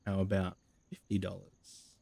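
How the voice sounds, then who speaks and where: A man's voice: medium pitch, lively intonation, normal speed, darkish tone, dry recording, close to an everyday voice. A man voicing a smug young male football player with a laid-back surfer-dude drawl.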